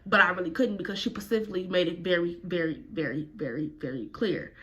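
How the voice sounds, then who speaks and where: A woman's voice: fairly low pitch, fast, fairly bright tone. A woman vlogger telling a personal story casually, full of slang and cursing. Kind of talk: storytime vlog.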